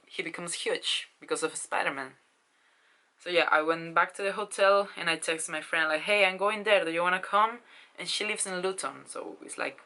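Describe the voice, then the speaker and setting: Woman, twenties, vlogger, casual storytelling, excited, gushing, low-pitched, bright tone. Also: poor audio. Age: 20s. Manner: excited, gushing, swears, many fillers.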